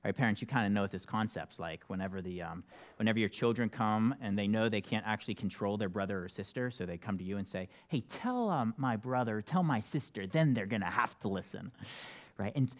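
A male pastor preaching a relaxed sermon. He reads scripture aloud, then talks it through in an easygoing, conversational manner, with fillers and restarts along the way. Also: fairly low pitch.

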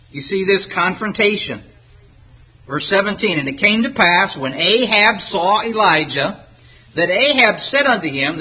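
On dull-sounding audio, a preacher with a high, husky voice retells a scripture story. He reads the antiquated King James verses aloud and animatedly gives voice to each character's lines.

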